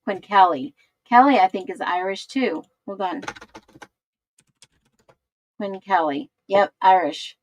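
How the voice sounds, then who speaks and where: Slow, thinking-aloud woman host. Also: medium pitch, expressive, a little hiss or hum, poor audio. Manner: thinks aloud, searching while she talks. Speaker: livestream host. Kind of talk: casual livestream chat, reading comments.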